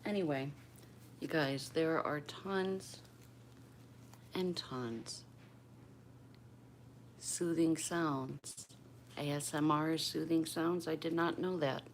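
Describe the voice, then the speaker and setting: A woman's voice: deep voice, slow, slight background noise. An older woman from Pennsylvania hosting a casual livestream at home, chatting with viewers by name and keeping her voice down. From Bristol, Pennsylvania. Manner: keeps her voice down. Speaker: livestream host. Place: home room.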